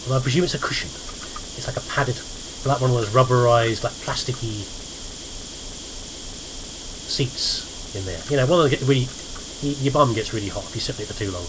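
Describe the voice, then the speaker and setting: A man's voice: medium pitch, a little fast, long pauses, background noise. A man giving casual let's-play commentary, rambling and thinking aloud with self-mocking asides. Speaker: gaming video host.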